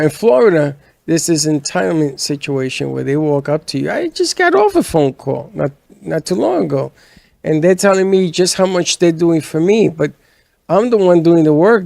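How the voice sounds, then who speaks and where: A man's voice: a little high, lively intonation, moderate pace, gravelly, a little mellow, dry recording. A man on a talk show chatting casually and acting out the people he quotes as he tells stories. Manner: storytelling, acts out quoted lines. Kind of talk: casual chat.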